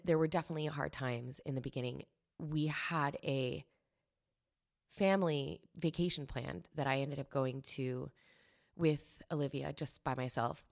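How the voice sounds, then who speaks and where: A woman's voice: sits low, vocal fry. A woman in her thirties telling a personal story about single parenthood and giving advice, candid and emotional, with many fillers.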